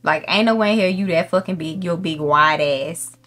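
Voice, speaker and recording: A woman streamer giving loud, profane, excitable commentary while playing a game, shrieking when something startles her. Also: fairly low pitch, normal speed. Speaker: gaming streamer. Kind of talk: let's play commentary.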